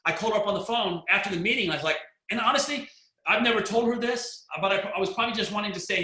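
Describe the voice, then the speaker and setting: Animated storytelling man, bright voice. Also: high voice, rapid-fire, echoey room. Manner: animated storyteller with frequent restarts. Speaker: network marketing distributor. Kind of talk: storytelling talk.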